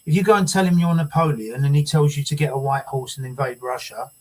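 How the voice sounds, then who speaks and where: A man in his sixties hosting a casual talk show, speaking haltingly with repeated words and dry jokes. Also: a little high, darkish tone, low-quality recording. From United Kingdom.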